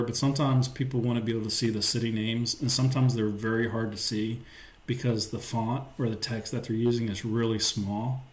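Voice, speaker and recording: A man chats loosely to his livestream viewers, wandering through his thoughts with plenty of "like" and "um". His voice sits at an ordinary middle pitch. The sound carries a noticeable roomy echo from his home setup. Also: darkish tone. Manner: rambling, lots of "like" and "um". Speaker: livestream host. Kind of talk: casual livestream chat.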